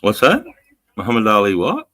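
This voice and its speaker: Aussie guy, really low voice but bright and punchy, swearing and laughing through a casual chat. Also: wildly swooping pitch, normal speed, dry recording. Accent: Australian. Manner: loud, sweary, laughing banter. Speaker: streamer host.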